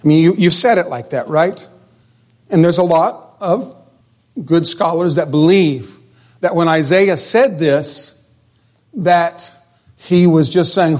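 A man's voice: fairly high pitch, unhurried, darkish tone. A man preaching a sermon in a conversational way, often asking the congregation questions. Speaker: pastor.

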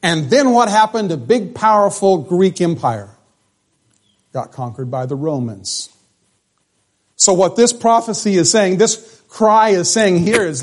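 A man's voice: sits high, expressive, measured pace. A male pastor preaching a conversational sermon in church, asking the congregation questions as he goes.

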